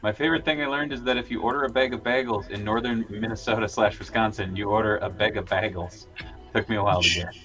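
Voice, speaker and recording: A man hosting a casual live stream chat, telling relaxed stories and chuckling along the way. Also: fairly low pitch, quick pace, soft background music. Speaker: show host.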